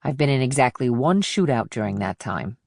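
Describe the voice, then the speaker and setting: A woman voicing a blunt, wry female FBI agent in an audiobook, speaking in a low, plain manner. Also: lively intonation, fairly quick, vocal fry, darkish tone, no echo, clean studio sound, heavily acted. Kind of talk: audiobook dialogue.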